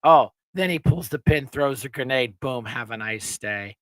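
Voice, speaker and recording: A man's voice: medium pitch, lively intonation, normal speed, a bit bright, no room sound. A man hosting a casual live-stream chat, rambling and laughing with many restarts, his throat a little sore. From Pennsylvania. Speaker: show host.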